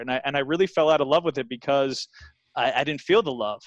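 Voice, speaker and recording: A man's voice: mid-range voice, fast talker, no echo, muffled recording. A man in his thirties from New Jersey, a guest telling his story earnestly in a casual interview, with lots of fillers and restarts.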